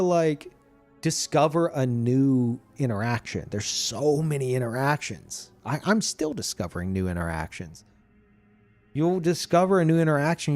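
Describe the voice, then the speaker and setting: A man streamer chatting casually about a video game, animated and profane, laughing often. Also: mid-range voice.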